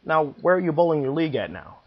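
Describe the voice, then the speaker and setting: A man's voice: on the high side, big pitch swings, fast talker, slightly rough, voice pushed up, exaggerated voice. A man doing a friendly, technical ball driller. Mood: helpful. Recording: dull lo-fi recording.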